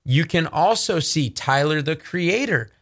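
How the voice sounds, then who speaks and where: A man's voice: a little high, expressive, unhurried, a bit bright. A young adult man from Southern California presenting for a ministry, talking straight to viewers with earnest, emphatic warnings. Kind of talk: preaching monologue to viewers.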